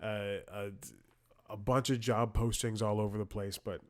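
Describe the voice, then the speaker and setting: A man with a fairly low voice talks through a comic monologue, circling back and restarting his sentences as he goes. He throws in mocking, sarcastic asides. The sound is dry and close, with no room echo. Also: fairly even intonation, normal speed. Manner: rambling storytelling with frequent restarts and laughs. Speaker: comedy podcast host. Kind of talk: casual comedic monologue.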